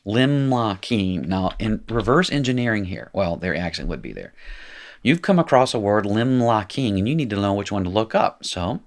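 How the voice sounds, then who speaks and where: Chatty low-voiced male teacher. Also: sing-song, moderate pace. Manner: chatty, jokey, self-correcting. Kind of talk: live recorded language lesson.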